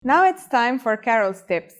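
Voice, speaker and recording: A language teacher runs through a scripted lesson, her voice pitched a little above average. She is very animated and unhurried, guiding the viewer through every step in an upbeat, encouraging way.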